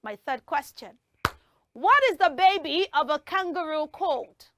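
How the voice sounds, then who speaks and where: Kids' show host: woman, high bright voice, cheerful and full of praise, dry close sound. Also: animated, no echo. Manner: bubbly and encouraging, heaps praise on the children; draws words out slowly when teaching the tongue twister. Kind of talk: lively hosting of a kids' quiz in front of a school audience.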